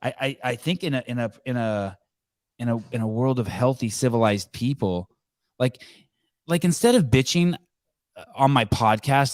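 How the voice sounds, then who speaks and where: A man's voice: mid-range voice, normal speed, darkish tone, no echo. A man hosting a call-in podcast, talking casually with many restarts and repeated words. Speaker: podcast host.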